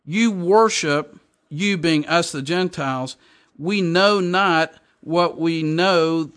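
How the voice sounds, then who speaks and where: A man's voice: on the high side, slow pace, fairly bright tone. A man preaching a sermon, reading scripture aloud and explaining it with emphatic repetition. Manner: emphatic, repeats and explains verses.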